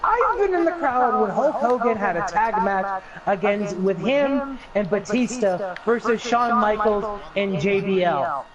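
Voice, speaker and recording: A man telling a story on a casual podcast, animated and laughing as he goes. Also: high voice, measured pace, dull audio, over a noisy crowd. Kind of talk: casual chat.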